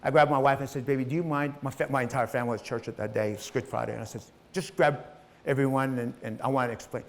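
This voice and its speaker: A man's voice: medium pitch, steady tone, fast. A middle-aged man telling his own life story in a motivational talk, swearing freely and acting out the people in it. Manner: emotional, profane, acts out voices in his story.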